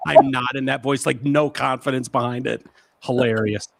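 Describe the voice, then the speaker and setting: A man hosting a podcast, chatting casually and poking fun at himself. His voice is gravelly and sits in a middle pitch, recorded dry and close. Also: steady tone, normal speed, no room sound. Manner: amused, self-mocking. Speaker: podcast host. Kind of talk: casual chat.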